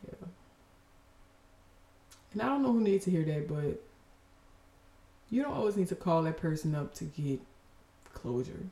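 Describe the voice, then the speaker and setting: A woman's voice: on the low side, animated, measured pace, vocal fry, pauses often, warm tone, echoey room. A woman hosting a faith podcast, speaking expressively and emotionally, laughing through tears. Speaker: podcast host.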